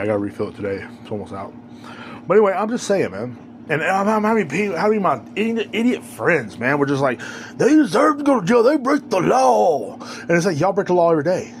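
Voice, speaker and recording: A man's voice: on the high side, a little hiss or hum. A man hosting a podcast, ranting alone in a heated, rambling, profane way. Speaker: podcast host. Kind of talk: casual ranting monologue.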